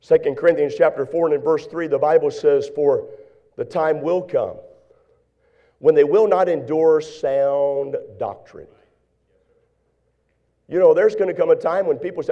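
A pastor preaching a sermon in church, swinging from hushed, quiet lines to shouted, fervent exhortation. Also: male voice, a little high, unhurried, pauses often, muffled recording.

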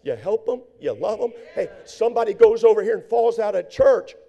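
A man preaching a sermon, repeating phrases in a steady cadence and acting out the people in his stories. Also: high voice, brisk, vocal fry, muffled recording. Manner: repetitive preaching cadence, acts out quoted voices. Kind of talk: sermon with storytelling.

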